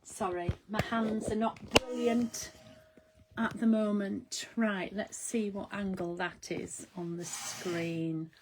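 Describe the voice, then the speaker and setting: The background is noisy, and her mid-range voice keeps fairly even intonation at a slow pace. She's a craft live streamer casually chatting from her studio, giggling as she greets viewers by name.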